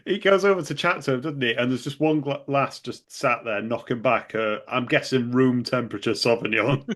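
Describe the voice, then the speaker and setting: A man's voice: medium pitch, moderate pace, fairly bright tone. A man co-hosting a podcast, recapping in a dry, wry casual manner. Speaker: podcast co-host. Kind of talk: casual chat.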